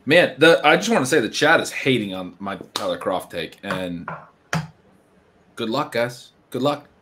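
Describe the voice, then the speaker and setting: A man's voice: medium pitch, expressive, measured pace, background noise. A man co-hosting a casual podcast, rambling through stories and laughing often. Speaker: podcast co-host. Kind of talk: casual podcast chat, live draft.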